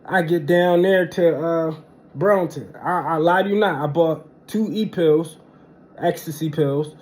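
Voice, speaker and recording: A young man telling a casual storytime monologue, animated and slangy, punctuating with "boom" and "bang". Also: a little slow.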